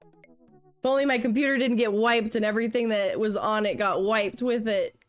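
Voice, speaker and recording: A woman's voice: a little high, moderate pace, soft background music. A woman streamer chatting casually while playing a dating game, giggly and self-mocking. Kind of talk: casual livestream chat.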